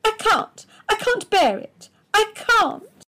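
A woman voicing a bitter middle-aged wife who turns shrill and accusing, her voice cracking toward tears. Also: very animated, unhurried, a little mellow, soft background music. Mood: tearful.

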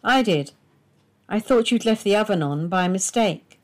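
A weary middle-aged husband, as a woman reader voices him, level and dismissive, barely shifted from her own reading voice. He speaks slowly, with a lively rise and fall that stays controlled. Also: mid-range voice, close to an everyday voice.

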